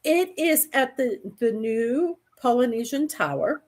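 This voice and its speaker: A woman's voice: fairly high pitch, lively intonation, unhurried, a little mellow. A woman co-hosting a live stream over a video call, describing things in a rambling, chatty way. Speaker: co-host. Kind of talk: casual chat.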